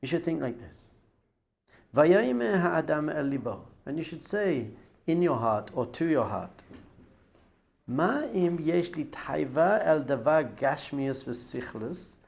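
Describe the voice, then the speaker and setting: A rabbi giving a Torah class, animated, acting out other people's voices with gasps and whispers. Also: male voice, a little high, slow pace, creaky. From not American.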